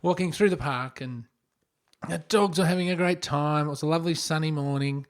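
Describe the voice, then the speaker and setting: A man co-hosting a podcast, telling an animated story in casual chat and acting out the voices of the people in it. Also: on the high side, brisk. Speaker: podcast co-host.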